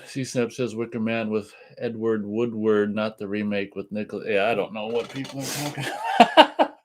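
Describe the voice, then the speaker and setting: A man co-hosting a casual radio show, reading listener chat comments aloud and adding relaxed asides. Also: on the low side, normal speed.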